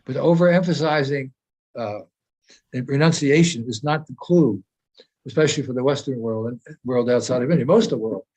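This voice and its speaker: A man's voice: medium pitch, moderate pace, a little mellow. A man speaking as a spiritual teacher in an informal discussion, earnest and explanatory, often repeating phrases as he searches for words.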